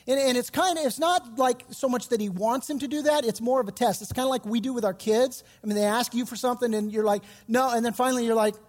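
A man's voice: very high voice, fast talker, few pauses, long reverb tail. A man pastor giving a sermon, retelling scripture in casual, slangy storytelling.

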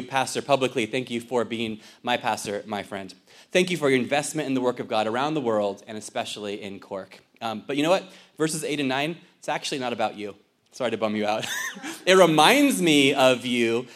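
Relaxed, joking young man preaching. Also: mid-range voice. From Ireland. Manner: conversational, joking, with many fillers. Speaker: visiting missionary pastor. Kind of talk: casual sermon. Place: church sanctuary.

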